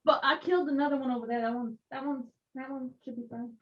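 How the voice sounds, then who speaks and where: A woman's voice: high voice, fairly even intonation, fast talker, dull audio. A woman playing a tabletop game, joking in an offhand, casual way. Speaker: player. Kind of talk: casual chat.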